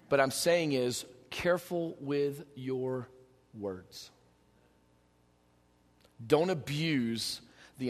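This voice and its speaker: Male pastor, high bright voice, lively preaching with jokes, reverberant hall. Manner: animated, conversational preaching with joking asides. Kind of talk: sermon. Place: church sanctuary.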